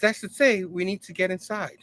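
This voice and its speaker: A man with a high, fairly bright voice and fairly even intonation speaks a little fast. Hot and sipping a drink, he gives a casual comic recap, paraphrasing and loosely acting out what the characters say, laughing often and adding "you know what I mean" along the way.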